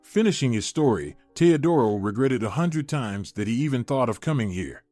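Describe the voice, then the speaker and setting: Guy narrating a story, steady and even, mid-pitched, faint music behind. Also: moderate pace, dry recording. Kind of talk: scripted narration.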